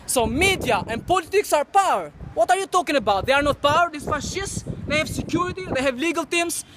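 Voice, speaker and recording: A man's voice: very high voice, lively intonation, a little fast. A man giving an outdoor protest speech in front of a TV building, repeating his phrases and chanting call-and-response lines. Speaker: street protester. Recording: loud wind noise on the mic.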